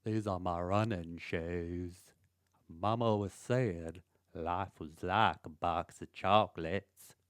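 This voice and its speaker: An actor playing a slow-speaking, simple-hearted grown man on a bench, with an earnest drawl. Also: low-pitched, steady tone, no echo, clean studio sound.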